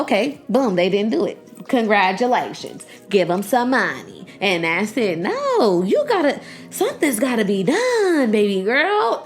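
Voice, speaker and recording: A young woman hosting a podcast in casual chat. She talks in an animated, profane way, laughs often and acts out the people she quotes. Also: fairly high pitch. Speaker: podcast host.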